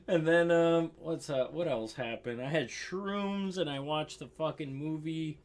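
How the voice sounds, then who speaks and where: A man's voice: fairly high pitch, normal speed, hardly any pauses. Rambling, profane young man streamer. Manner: rambling, profane, frequent fillers. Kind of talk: casual storytelling on stream.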